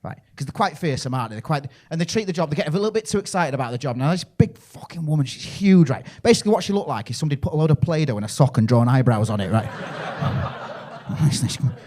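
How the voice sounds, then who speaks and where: A young man from England with a Yorkshire accent, doing a stand-up set at a comedy club and telling crude, rambling stories with loud act-outs. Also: fairly high pitch, animated, fast.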